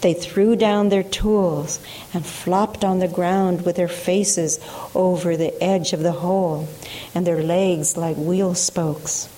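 Woman narrator, unhurried and mellow, reads a tale with hushed care. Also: on the low side, steady tone, poor audio. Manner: slow, hushed, measured delivery with voiced quotes. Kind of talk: storytelling reading.

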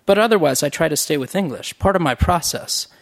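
A man voicing a cheerful, loud office worker who speaks with a labored, exclamatory Jamaican accent. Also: fairly high pitch, animated, brisk, vocal fry. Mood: proud. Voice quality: overloud, gummy, exclamatory.

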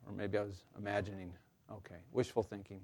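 Male counselor, low voice, relaxed workshop delivery, lots of "uh"s, dry humor, live room. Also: quick pace. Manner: conversational, many fillers and restarts, light humor. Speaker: counselor leading a staff workshop. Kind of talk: informal workshop presentation.

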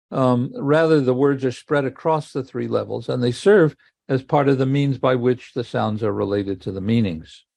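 An older man giving a measured academic lecture, explaining step by step with occasional restarts. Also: mid-range voice, creaky, a little mellow, no room sound.

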